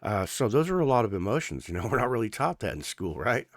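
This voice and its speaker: A man's voice: on the low side, very animated, fast talker, no room sound, clean studio sound. A man giving a casual tarot reading in an earnest, rambling way, with many fillers and restarts, his speech a little thick from sore gums. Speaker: tarot reader.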